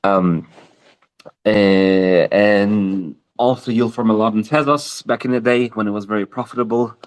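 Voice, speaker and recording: A man with a lowish voice speaks in a loose, halting way, pausing on fillers and restarting his sentences. He answers interview questions over an online voice call in a relaxed, casual manner. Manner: hesitant, many fillers and restarts. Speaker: project co-founder, guest. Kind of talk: casual interview answers on a live audio chat.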